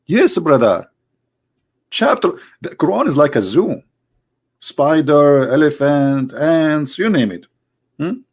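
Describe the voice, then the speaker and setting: A man with an Arabic accent talks with a fairly high pitch. He holds forth in a sarcastic, theatrical monologue, leaping up into incredulous exclamations and dropping into low asides. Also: very animated, slow, pauses often, darkish tone, slightly rough. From Middle East. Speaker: live-stream host.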